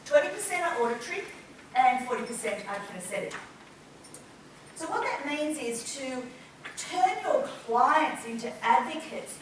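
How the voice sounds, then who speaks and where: A woman's voice: sits high, a bit bright, slight background noise. A woman with an Australian accent giving a playful seminar talk to a live audience. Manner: playful, acts out flirty quotes with gasps and laughs. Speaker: business speaker. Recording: echoey room, mic far off.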